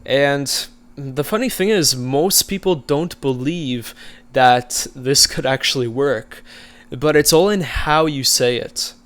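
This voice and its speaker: A man coaching viewers in a casual, conversational way, relaxed and easygoing, with frequent fillers. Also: mid-range voice, slow pace. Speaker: social skills coach. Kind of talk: casual instructional talk.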